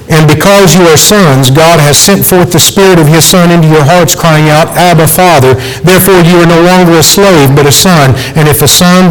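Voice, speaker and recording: A man's voice: on the high side, poor audio. A man preaching a sermon, earnest and pleading, voice climbing for emphasis.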